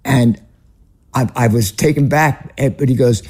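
A man in his seventies with a Northern US accent, a ministry leader, appears as a guest in a conversational interview, telling stories earnestly. His medium-pitched voice is unhurried, a little mellow, and slightly rough.

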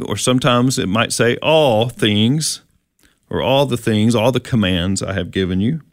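A man co-hosting a conversational Bible-teaching talk, reading verses slowly and chatting in a relaxed way. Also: mid-range voice, no room sound, clean studio sound. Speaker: co-host.

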